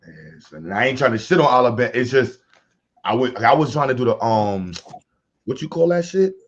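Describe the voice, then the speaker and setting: A man with a New York accent, chatting casually on a panel podcast and telling animated stories full of profane slang. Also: medium pitch, fairly quick, muffled recording. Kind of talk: casual chat.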